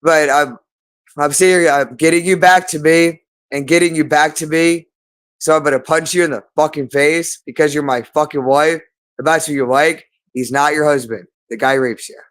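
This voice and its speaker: A man's voice: fairly high pitch, fairly even intonation, normal speed, a bit bright, clear, resonant tone. A man delivering an agitated, rambling monologue, repeating himself and swearing often. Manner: agitated, repetitive, profane.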